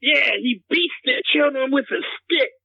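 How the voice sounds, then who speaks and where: This is a man putting on a clueless, rambling character with a gravelly, creaky voice. He keeps tripping over his own words and repeating himself in a slow drawl. The sound is muffled and lo-fi. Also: very high-pitched, a little hiss or hum, heavily acted. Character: rambling dim-witted man, scattered and clueless. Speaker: comedian doing a character bit.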